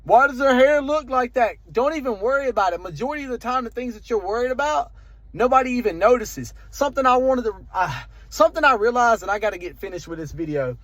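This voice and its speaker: A young man with a strong Southern country accent talks fast and emphatically, hammering short repeated phrases like a motivational preacher. His voice sits very high for a man, with a slight lisp. The sound is close and dry, with no room echo. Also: lively intonation, a bit bright. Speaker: vlogger. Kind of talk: motivational monologue to camera.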